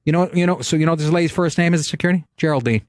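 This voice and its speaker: A middle-aged man hosting a podcast, telling stories in a brash, profane, animated way. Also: on the high side, rapid-fire. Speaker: podcast host, comedian. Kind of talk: casual podcast chat.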